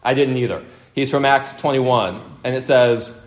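A man's voice: medium pitch, moderate pace. A man preaching an expository sermon, stressing his points by repeating them and putting questions to the congregation. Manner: emphatic, repeats points for emphasis, asks the room questions. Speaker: pastor.

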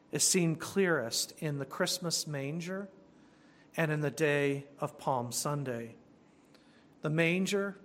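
Male pastor, higher-pitched voice, earnest sermon delivery, slows for emphasis. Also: a bit bright. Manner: earnest preaching, slowing for emphasis and speeding through asides.

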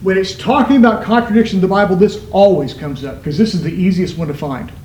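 A man preaching a sermon as pastor, stressing words with emphatic shifts in pitch. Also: fast talker, a little mellow, roomy sound, slight background noise, poor audio.

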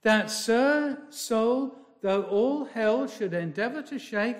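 Slow, emphatic high-voiced male preacher. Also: animated. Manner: slow and emphatic, swinging from loud to hushed; repeats key words and phrases for stress. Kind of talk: sermon.

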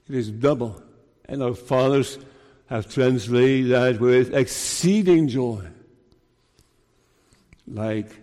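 A man preaching an earnest sermon as minister, with slow deliberate delivery and emphatic rises. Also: medium pitch, darkish tone, long reverb tail.

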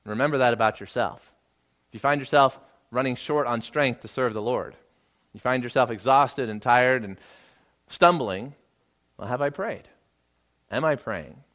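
A man's voice: medium pitch, moderate pace, pauses often. A male pastor preaching an expository Bible sermon in an emphatic way, with dramatic swells in his delivery. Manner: emphatic, rising into dramatic readings of quoted lines. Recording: dull lo-fi recording.

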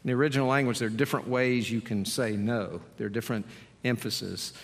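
A male pastor preaching with a gravelly, slightly creaky voice. He speaks earnestly and presses his points in emphatic, repeated appeals. His voice rings with a long reverb, as if it was recorded in a large hall. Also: medium pitch, fairly even intonation, quick pace. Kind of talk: sermon.

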